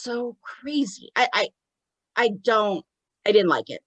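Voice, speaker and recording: A woman co-hosting a podcast in casual chat, retelling events in an animated way. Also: on the high side, measured pace, no echo, highs cut off. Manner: animated retelling, acts out quoted lines. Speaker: podcast co-host.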